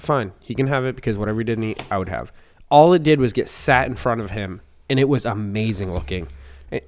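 Wry, swearing man telling anecdotes. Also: medium pitch. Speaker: podcast co-host. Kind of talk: casual chat.

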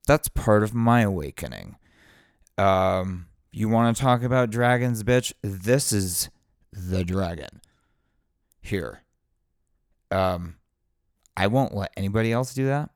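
A man's voice: lowish voice, lively intonation, slow pace, pauses often, a little mellow, dry recording, studio quality. A man giving a blunt, profane, fired-up motivational monologue.

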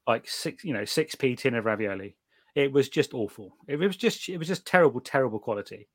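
A middle-aged British man chatting casually, telling animated stories with many restarts and the odd swear word. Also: medium pitch, brisk, dry recording, clean studio sound. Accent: British English. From Britain. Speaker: guest reviewer of night vision gear. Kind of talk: casual chat.

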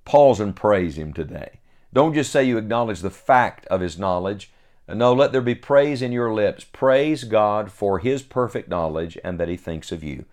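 Low-voiced guy preaching, reads bible verses then talks them through, earnest. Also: expressive, normal speed, a little mellow. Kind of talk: sermon.

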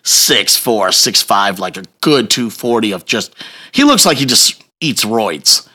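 A man telling a long personal story in casual chat, profane and animated, laughing as he goes. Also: lowish voice, measured pace.

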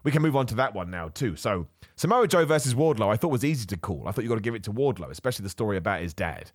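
A man's voice: fairly low pitch, very fast, dry recording, studio quality. Chatty man ranting with laughs. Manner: animated ranting, laughs often. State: has a cough. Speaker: podcast host. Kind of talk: casual chat.

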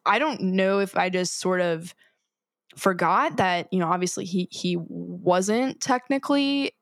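Female co-host, slightly low voice, thoughtful casual chat, dry mic. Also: lively intonation, unhurried, no echo. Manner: thoughtful, hedging, with um and you know. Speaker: podcast co-host. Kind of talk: casual chat discussing a cartoon episode.

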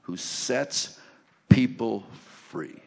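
A man preaching a sermon and sharing his testimony in a church, joking as he tells stories and rising to loud, emphatic lines. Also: mid-range voice, extremely slow, gravelly. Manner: animated, joking storyteller who rises to loud emphasis. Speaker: guest preacher. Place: church sanctuary. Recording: long reverb of a large church hall.

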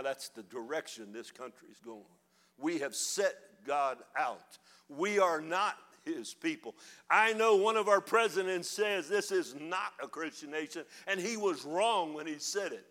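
An older man preaching a fiery sermon, building to shouted passages. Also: a little high, moderate pace. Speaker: pastor.

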